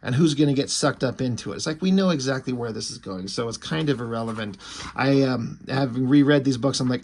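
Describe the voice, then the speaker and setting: A man's voice: medium pitch, a little fast, darkish tone, a little hiss or hum. A man casually recapping a comic book issue, rambling with fillers and swearing freely. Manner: rambling and profane, lots of fillers.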